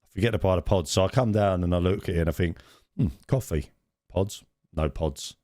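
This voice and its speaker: A man's voice: low voice, quick pace, dry recording, clean studio sound. A man, co-hosting a casual podcast and telling stories animatedly with many restarts. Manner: animated storyteller, repeats and restarts phrases. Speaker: podcast co-host. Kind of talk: casual chat.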